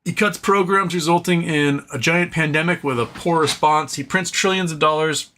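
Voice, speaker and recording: Bright fairly high voiced guy ranting politics on his stream, sarcastic, keeps restarting, swears a lot. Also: normal speed, a little hiss or hum. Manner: exasperated, sarcastic, swears, mocks opponents with put-on quotes; fillers and repeated restarts. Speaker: political livestream host.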